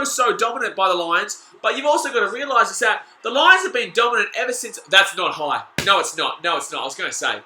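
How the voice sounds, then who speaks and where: Excitable Australian man shouting at footy. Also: high voice, fast, hardly any pauses. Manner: excitable, shouting at the game, reading chat aloud. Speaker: live-stream fan commentator. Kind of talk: live fan watch-along commentary. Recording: echoey room.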